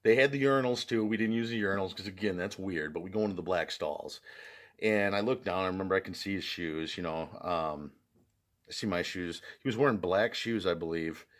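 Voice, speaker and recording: A man's voice: sits low, brisk. A man vlogging, telling a personal story in a casual way, often laughing and using fillers like "like" and "you know".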